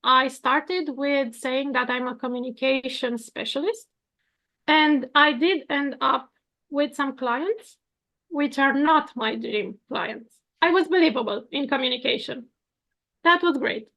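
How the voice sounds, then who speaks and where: A woman's voice: sits high, unhurried, a bit bright. A woman in her thirties from Romania, talking earnestly about her work as a coach, now and then laughing lightly. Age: 30s. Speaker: coaching guest, architect and coach. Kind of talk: casual conversation.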